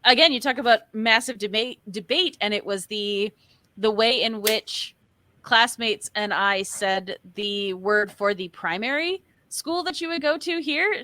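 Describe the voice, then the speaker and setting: A woman's voice: mid-range voice, a little slow, bright, forceful tone, no room sound. A woman from the northeastern United States in casual chat on a group art stream, talking chattily and laughing easily, with many "like"s.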